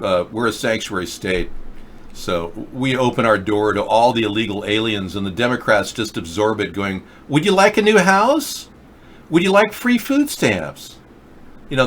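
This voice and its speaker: Mocking chatters with rambling sarcasm, this Pacific Northwest political host keeps his livestream chat show casual while scolding users. His voice sits on the low side with a fairly bright tone, and there's slight background noise.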